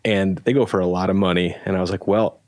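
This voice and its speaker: A man's voice: sits low, fairly even intonation, fast talker, darkish tone, dry recording, clean studio sound. A middle-aged man, a guest, telling a rambling casual story and acting out quoted lines. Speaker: guest, pedal company founder.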